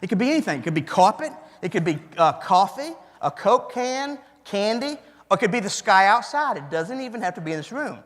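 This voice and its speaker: High, sing-song and fairly bright in tone, this Cajun-accented keynote speaker talks a little fast with few pauses. He keeps the speech folksy, chatty and interactive, echoing the audience's answers back, while hall reverb fills the recording.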